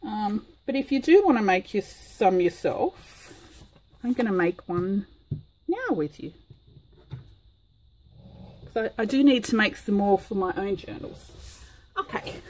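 A woman's voice: mid-range voice, sing-song, measured pace, long pauses, a little mellow, slight background noise, low-quality recording. Chatty woman crafting. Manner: chatty, rambling, frequent ums. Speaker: craft vlogger. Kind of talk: casual crafting tutorial.

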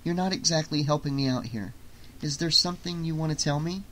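A male audiobook reader voicing an earnest young woman who speaks softly and quickly. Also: deep voice, natural voice. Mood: probing.

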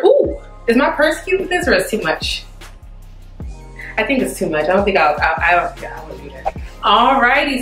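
A woman's voice: mid-range voice, fairly bright tone. A young woman chats through a clothing try-on, peppering her talk with "like" and sighing at what doesn't fit. The room rings with echo. Faint music plays underneath. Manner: chatty, exasperated, frequent "like" fillers. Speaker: fashion vlogger. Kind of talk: casual try-on haul chat.

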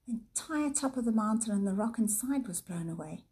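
Eager know-it-all boy in a storybook, voiced by a woman, husky and hushed. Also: a little high, lively intonation, brisk. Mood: excited. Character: young boy Peter, excited and knowledgeable.

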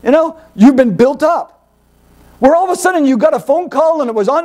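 A man's voice: extremely high pitch, fast. A man preaching a sermon, teaching with rhetorical questions and acting out short everyday dialogues. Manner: animated, acts out little dialogues, rhetorical questions. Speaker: pastor.

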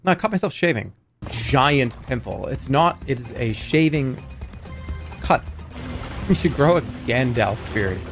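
A man in his thirties talks through a livestream in a loose, rambling way. His mid-pitched voice swings up and down all the time and jumps into sudden yelps. A bit of music plays underneath. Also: expressive, a little slow, long pauses. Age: 30s. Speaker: streamer. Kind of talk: casual livestream chat.

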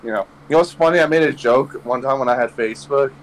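A man's voice: medium pitch, quick pace, rough recording. A young man hosting a podcast, telling a rambling story full of swearing and laughing at his own jokes. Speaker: podcast host. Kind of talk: casual storytelling chat.

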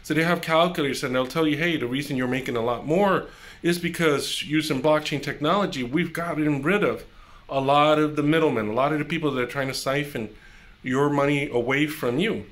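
An upbeat man hosts a crypto news video in a casual, chatty way. He talks straight to his viewers in a somewhat high voice. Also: fairly quick, fairly bright tone. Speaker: crypto channel host.

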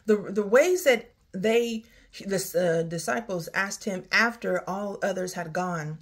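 A woman's voice: fairly low pitch, moderate pace, husky. A woman talking candidly in a personal vlog, sighing often as she drifts from work troubles to faith. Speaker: vlogger. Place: outdoors near her home, rain starting.

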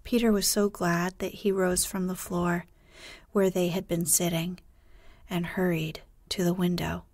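Breathy woman narrator, sleep story, very unhurried, gentle and hushed. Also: fairly low pitch, level tone, no room sound. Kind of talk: soft sleep-story reading.

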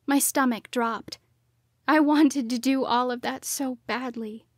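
A woman narrating a first-person audiobook in a hushed voice that often drops to a whisper. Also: high-pitched, fairly even intonation, a little slow, no echo, studio quality.

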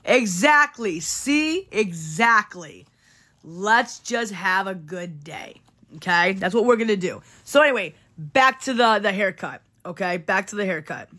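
A woman's voice: medium pitch, very animated, a little slow, a bit bright. A woman livestreaming to her chat, talking casually and earnestly, repeating herself and checking in with "okay?" as she urges viewers to ignore online hate. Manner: repetitive, keeps adding "okay?" to reassure viewers.

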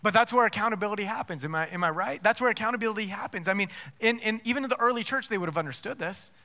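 A man's voice: sits high, very fast, bright, forceful tone. A man preaching a sermon as pastor, emphatic, with rhetorical questions and frequent restarts.

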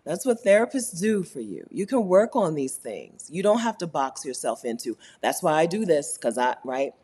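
A woman hosting a casual live stream, reading chat comments aloud, animated and laughing often, repeating her points for emphasis. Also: low voice, moderate pace, slightly rough. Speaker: YouTube host answering live chat.

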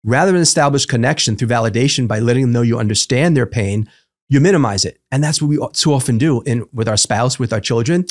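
A man talks as a psychotherapist guest on an interview podcast. His voice sits at an everyday middle pitch. He teaches through ordinary examples, asking rhetorical questions and checking that his listeners follow. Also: fast.

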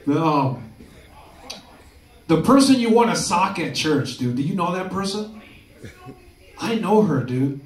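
A man's voice: high voice, very animated, a little slow, pauses often. A man doing a loose, crude stand-up comedy set, often tagging lines with "dude". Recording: echoey room from far off, crowd laughter.

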